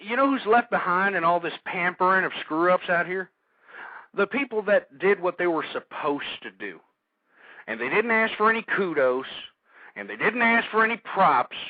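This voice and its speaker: A man's voice: sits high, animated, moderate pace, no room sound. A man hosting a political talk radio show, delivering a heated, ranting monologue. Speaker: radio host. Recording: tinny lo-fi radio broadcast.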